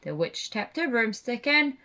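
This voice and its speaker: Woman narrator for a children's puppet show, slow and expressive rhyming read-aloud. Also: on the high side.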